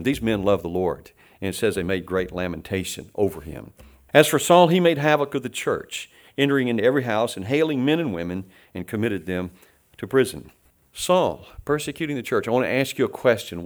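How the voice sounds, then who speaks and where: A middle-aged man preaching a conversational sermon, asking rhetorical questions and chuckling now and then. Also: mid-range voice. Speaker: pastor.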